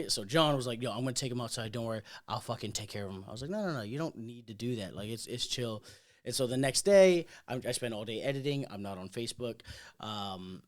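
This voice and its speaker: A man co-hosting a podcast, telling a story in casual chat and acting out what people said with loud, swearing bursts. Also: medium pitch. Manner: animated, acts out quotes with loud swearing bursts. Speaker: podcast co-host.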